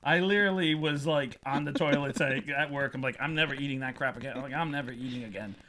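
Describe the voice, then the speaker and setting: A man's voice: mid-range voice, quick pace, a little hiss or hum. A man hosting a podcast, telling a funny story in a casual way. He laughs often and acts out the voices of the people in it. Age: adult, past twenties. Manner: animated, laughing often, acting out quoted voices. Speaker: podcast host.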